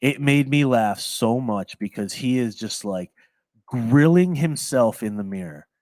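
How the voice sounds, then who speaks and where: A man's voice: medium pitch, lively intonation, unhurried, darkish tone, dry recording. A young man hosting a casual chat, rambling and repeating words. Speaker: podcast host.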